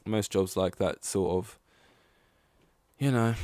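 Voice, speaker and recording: A young man talks in a low, unhurried voice, rambling through a story with blunt asides and the odd swear word. The recording is dry and close, with no room sound. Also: creaky, a little mellow, dry recording. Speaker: podcast host. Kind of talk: casual solo podcast storytelling.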